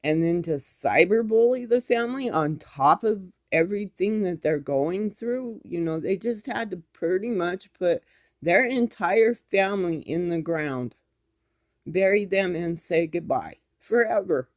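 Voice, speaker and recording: Woman vlogger, impassioned and scolding, slow delivery. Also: fairly low pitch, lively intonation. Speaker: YouTube commentator. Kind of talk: angry commentary vlog.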